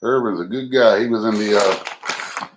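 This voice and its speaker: An unhurried man with a lowish voice hosts a cooking livestream, chatting to his viewers while he cooks. He comes across as folksy and self-deprecating, and the home recording is noisy.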